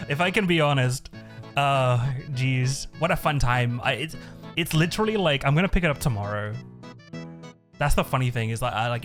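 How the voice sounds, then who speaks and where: A man's voice: mid-range voice, a bit bright. Guy streamer rambling and cussing, laughs a bunch, faint music looping behind. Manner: rambling, swears a lot, laughs often. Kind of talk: casual live-stream chat. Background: faint looping background music.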